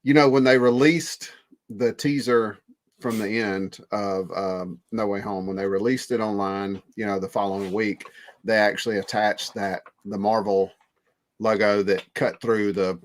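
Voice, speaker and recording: A man co-hosting a podcast, talking about movie trailers with enthusiastic, rambling fan excitement. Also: on the low side, unhurried. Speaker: podcast co-host.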